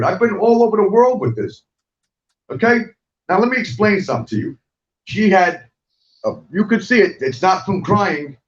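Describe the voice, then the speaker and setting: A middle-aged man hosts a heated, profane online rant, hammering his points at viewers and repeating himself. His voice sits a little high for a man. He is picked up from a distance in an echoey room, and the sound is dull. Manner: angry, profane, repetitive, talks straight at viewers. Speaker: host of an online talk show.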